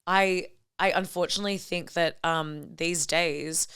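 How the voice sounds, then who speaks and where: A woman's voice: lowish voice, fairly even intonation, a little slow, a bit bright, clear, resonant tone. A young woman comedian, a guest on a podcast, chatting casually, calling her friend babe and swearing freely.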